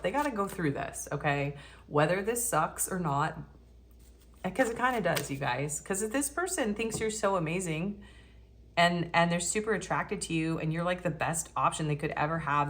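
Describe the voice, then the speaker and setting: A woman with a notably deep voice talks through a casual tarot reading. She keeps it chatty and cheeky and laughs easily as she speaks. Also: slight background noise. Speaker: tarot reader.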